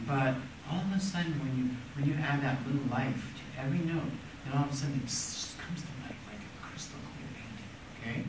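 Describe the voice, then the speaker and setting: A middle-aged man giving a child gentle, patient violin coaching and asking her questions as he goes. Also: fairly high pitch, slight background noise. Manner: encouraging, patient, asks questions. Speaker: violin teacher giving a critique. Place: conservatory room with violin playing. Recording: echoey room, voice from far off.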